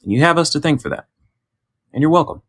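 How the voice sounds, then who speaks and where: A man co-hosting a podcast, running segments in a playful, lively way. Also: a little high, fast, husky, no room sound, clean studio sound. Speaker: podcast co-host. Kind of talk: casual chat.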